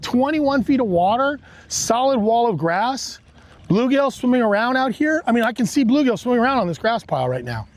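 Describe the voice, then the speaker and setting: A man hosting a live fishing stream from a boat on a lake, talking excitedly to his viewers. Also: extremely high pitch, a little fast. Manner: excited, exclamatory, talks straight to viewers. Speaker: fishing livestream host.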